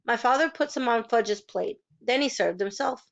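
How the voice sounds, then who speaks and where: A woman reads a children's novel aloud, telling it in a steady, plain way. Her voice is somewhat high, and it comes through a dull, lo-fi recording. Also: moderate pace, vocal fry. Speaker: reader.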